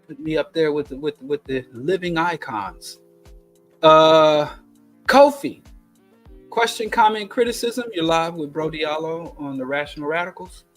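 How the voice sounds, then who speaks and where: A man hosting a radio call-in talk show, explaining his points in a measured, deliberate way. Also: a little high, faint music behind.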